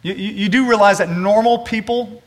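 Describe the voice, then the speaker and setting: A man's voice: high voice, steady tone, normal speed. A man preaching a sermon as pastor of a church, reading scripture and praying, earnest and emphatic, repeating words as he stresses a point and speaking straight to the congregation. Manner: addresses the congregation directly. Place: church service.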